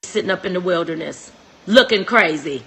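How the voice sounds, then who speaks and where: A young woman hosting a live-stream relationship talk, preachy and emphatic, repeating phrases and swinging from soft to shouting. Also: fairly low pitch, animated, moderate pace, husky.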